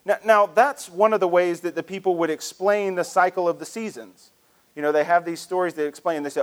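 A man's voice: high-pitched, fairly even intonation, a little fast. A male pastor preaching a sermon in a conversational, storytelling way with frequent restarts.

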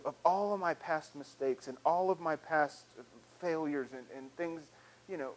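A man's voice: on the high side, darkish tone, rough recording. A male pastor preaching a sermon in a reflective manner, with frequent restarts and repeated phrases.

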